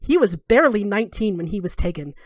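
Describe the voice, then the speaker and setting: Woman running a tabletop game, chatty narration with lots of likes and uhs, middle pitch, dry room. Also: animated, fast talker, dry recording. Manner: casual, filler-heavy narration. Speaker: game master.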